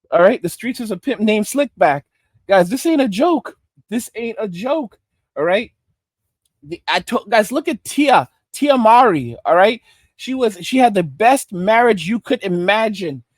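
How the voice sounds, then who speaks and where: This online commentator from Arizona speaks in a high male voice, giving blunt, emphatic reactions that he keeps punctuating with "all right?". The audio is studio quality with no echo.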